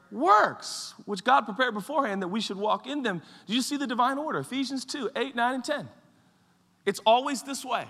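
A male pastor delivers a sermon in a very high, piercingly bright voice. He swings between shouted peaks and quiet, low asides. The sound rings with a long reverb from a large hall. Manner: dynamic preaching, swings from shouts to hushed tones.

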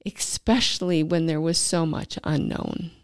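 A woman's voice: low-pitched, a little slow, smooth, dry recording. A woman hosting a podcast interview, talking carefully and hesitantly, often trailing off. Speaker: podcast host.

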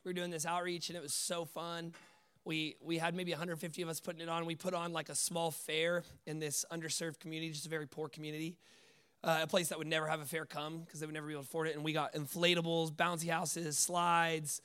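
A man preaching a sermon, telling stories with lively acted-out dialogue, dropping to hushed lines and rising to loud bursts. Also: on the high side, fast talker, clean tone. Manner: animated storytelling, acts out dialogue, swings from hushed to loud.

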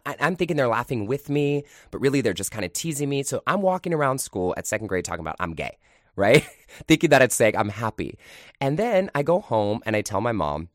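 A man's voice: medium pitch, sing-song, a little fast, no echo, clean studio sound. A man hosting a podcast, telling a personal story in a candid, confiding, conversational way. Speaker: podcast host.

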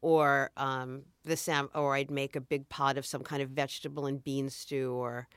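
Brief: middle-aged woman guest, low voice, relaxed and thoughtful, dry close sound. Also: moderate pace, clean tone, no room sound. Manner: thoughtful, restarts often, easygoing. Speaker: podcast guest, food blogger. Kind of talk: casual chat.

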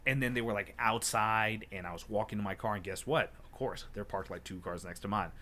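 A man's voice: fairly low pitch, brisk, sharp tone. Fired-up young man ranting on a podcast. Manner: heated, profane storytelling, acting out his own retorts. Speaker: podcast co-host. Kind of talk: casual podcast chat.

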